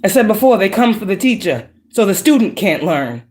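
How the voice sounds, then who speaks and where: A woman's voice: medium pitch, very animated, brisk, darkish tone. A woman giving a profane, emphatic, preachy casual monologue as a psychic tarot reader. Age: adult with children.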